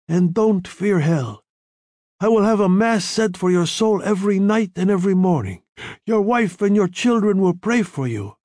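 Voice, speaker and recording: A man's voice: very high voice, creaky, dark tone, breathy edge, dry recording, clean studio sound, voice pushed up, full character voice. A man reading a book aloud, voicing a grave, comforting old crime boss.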